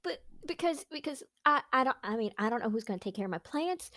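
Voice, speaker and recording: A woman's voice: on the high side, lively intonation, quick pace, bright, forceful tone, no room sound, clean studio sound, pitched above the performer's own voice. A woman playing an anxious young adventurer who rambles and stammers nervously.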